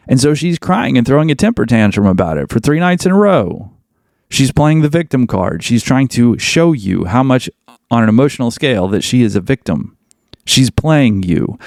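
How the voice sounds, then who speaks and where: Blunt, gravelly male podcast host. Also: medium pitch, a little mellow, no room sound, studio quality. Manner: blunt, emphatic, repeats points for emphasis. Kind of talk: opinionated podcast monologue.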